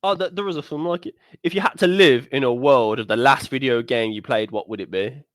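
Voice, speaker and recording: A young man co-hosting a gaming podcast in casual chat, teasing and blunt, swinging between low mutters and loud outbursts. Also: a little fast, no echo. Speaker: podcast co-host.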